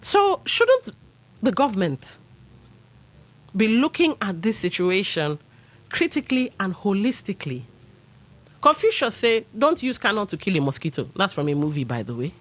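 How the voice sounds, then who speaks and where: A woman's voice: mid-range voice, sing-song, normal speed, pauses often. A Nigerian woman hosting a radio talk show, giving opinionated commentary with pidgin asides. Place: radio studio.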